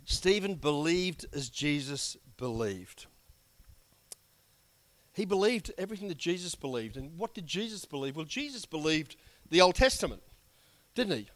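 A pastor preaches a sermon in a hoarse, high, fairly bright voice as he loses it, moving at a moderate pace with a sing-song lilt and long pauses. He's conversational and emphatic, slipping in asides and chuckles.

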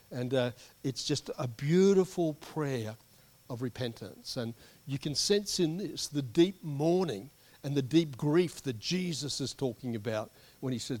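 A male pastor delivering a sermon in a conversational, animated storytelling manner with friendly asides. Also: medium pitch.

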